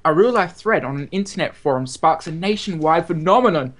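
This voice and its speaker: A man's voice: fairly high pitch, expressive, fairly quick. A man from Australia co-hosting a casual podcast over a video call, playful, also reading a short blurb aloud. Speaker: podcast co-host.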